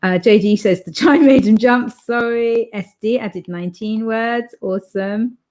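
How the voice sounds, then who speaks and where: Casting note: young woman, author host, chatty and rambling, relaxed stream talk. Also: a little high, a little slow. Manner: chatty, rambling with fillers and restarts. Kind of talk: casual chat reading live comments.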